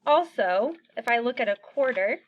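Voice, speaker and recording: A woman with a fairly high, bright voice leads young children through a lesson. She is upbeat and encouraging and slows right down to chant little rhymes for them to repeat. The recording is muffled and lo-fi. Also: animated, a little hiss or hum. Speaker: teacher.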